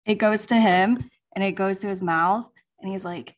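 A woman co-hosting a podcast, telling stories in an animated, exasperated way. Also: medium pitch, normal speed. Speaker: podcast co-host. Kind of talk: casual chat.

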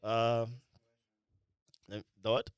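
A man in casual chat about movies, talking in slang with lots of "bro" and often trailing off into quieter asides. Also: medium pitch, little pitch movement, very slow, clean tone, no room sound, studio quality.

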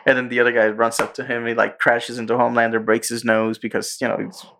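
A man's voice: mid-range voice, completely flat delivery, quick pace, creaky, a bit bright, a little hiss or hum. A man hosting a podcast in a casual chat, retelling a show with swearing and putting on voices for its characters. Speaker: podcast host.

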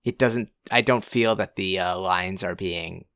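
A podcast co-host weighing opinions in a measured, thoughtful way during a casual film discussion. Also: low voice, fairly bright tone, clear, resonant tone.

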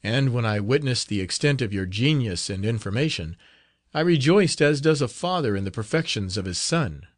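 A fatherly friar speaks with earnest tenderness, voiced by a man reading a novel aloud. His voice sits at a middle pitch and moves through a wide, expressive melody. The sound is close and dry. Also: moderate pace, dry recording, natural voice. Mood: tender. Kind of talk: audiobook character reading.

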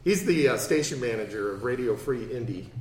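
A man's voice: medium pitch, animated, brisk, far from the mic, a loud crowd. Rambling male radio host, echoey room. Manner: rambling, self-deprecating, laughs often. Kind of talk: casual studio chat.

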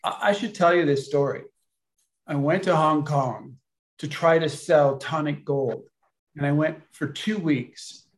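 Male storyteller, slightly high-pitched, casual and halting, rambling delivery. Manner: rambling, halting with many restarts. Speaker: storyteller at a gathering.

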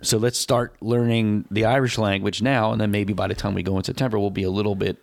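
A man's voice: on the low side, fairly even intonation, fast talker, vocal fry, no room sound, clean studio sound. A man co-hosting a casual podcast, telling rambling stories that break off and restart, with plenty of dad jokes. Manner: rambling, self-interrupting storyteller with dad jokes. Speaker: podcast co-host. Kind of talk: casual chat.

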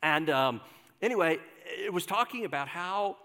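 A man's voice: high voice, lively intonation, normal speed, pushed and bright, in a large hall. An older man, a pastor, giving a conversational sermon and asking the congregation questions. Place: church sanctuary.

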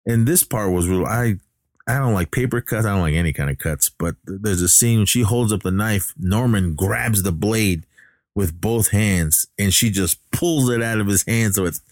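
A man's voice: fairly low pitch, moderate pace, no echo, clean studio sound. A man casually recapping a horror film, rambling and correcting himself with many fillers. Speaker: movie recapper.

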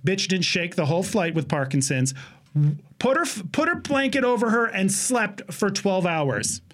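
Animated, high-voiced man in his forties. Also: normal speed. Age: 40s. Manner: animated, profane, acts out voices in his stories. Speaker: podcast co-host. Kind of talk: casual storytelling chat.

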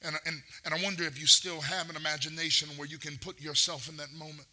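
A man's voice: a little high, flat delivery, quick pace, sharp tone. A man preaching a sermon, mixing playful asides and acted-out quotes with rising, intense delivery. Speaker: pastor.

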